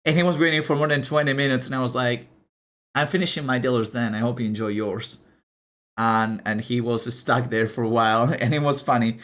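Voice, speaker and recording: On a live stream, a young man chats casually while showing off items, animated and talkative, swearing and laughing. His voice is mid-range and his pace fairly quick.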